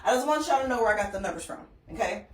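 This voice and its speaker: A financial educator with a medium-pitched, lively voice walks casually through a mortgage example at a very fast pace, often checking in with "okay?" She's conversational, and she sounds far from the mic in an echoey room.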